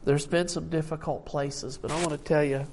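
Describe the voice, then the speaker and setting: A man's voice: on the high side, steady tone, normal speed, a little mellow, a little hiss or hum. An older man preaching a sermon, emotional and tired, reading scripture aloud with rising emphasis. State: tired from little sleep.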